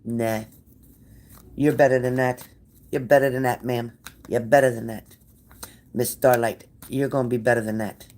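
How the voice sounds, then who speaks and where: A woman's voice: rumbling low, fairly even intonation, moderate pace, pauses often, a little mellow. A woman hosting a casual livestream, blunt and sassy, cursing freely as she answers viewer comments. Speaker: livestream tarot reader.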